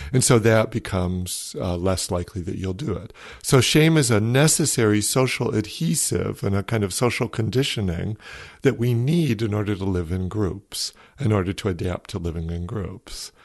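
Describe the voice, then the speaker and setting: A man, a psychologist guest on a podcast, explaining ideas in a thoughtful, measured way and telling stories. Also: lowish voice, creaky, a little mellow, no room sound, clean studio sound.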